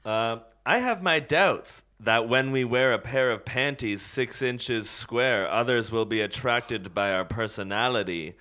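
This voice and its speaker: A man reading the part of a skeptical young female fashion student, in a flat and halting way. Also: medium pitch.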